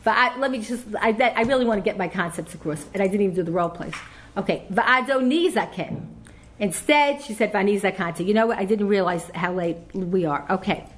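A woman's voice: medium pitch, animated, fast talker. A woman giving a lecture on parenting, taking questions from the audience, effusive and rambling with many restarts.

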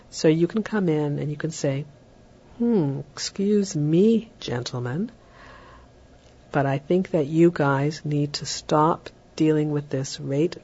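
A woman giving parenting advice in a measured, explanatory way, with frequent ums and tag questions like "right?". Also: sits low, darkish tone, slightly rough. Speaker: parenting advisor. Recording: dull lo-fi recording.

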